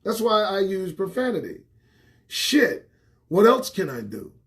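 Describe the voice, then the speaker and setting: A man hosting his own livestream show, ranting to camera with lots of swearing, jumping between loud outbursts and muttered asides, recorded indoors on a small home set. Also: high voice, wildly swooping pitch, unhurried. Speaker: host. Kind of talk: profane political rant to camera. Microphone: phone or webcam livestream.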